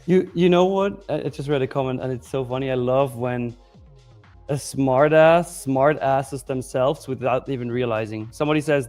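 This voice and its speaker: A man co-hosting a live trading stream, joking in casual chat with quick bursts. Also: medium pitch, a little mellow, faint music behind.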